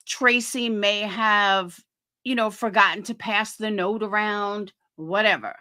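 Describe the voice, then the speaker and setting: A woman's voice: mid-range voice, bright, forceful tone. A woman hosting a livestream and ranting angrily, with heavy swearing and a sarcastic edge. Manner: heated, profane, sarcastic. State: fighting cancer. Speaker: livestream host. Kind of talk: angry livestream rant.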